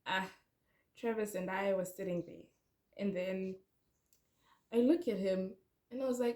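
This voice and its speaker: A young woman telling a storytime vlog, animated and chatty, talking straight to her viewers. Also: medium pitch, unhurried, long pauses. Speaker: vlogger.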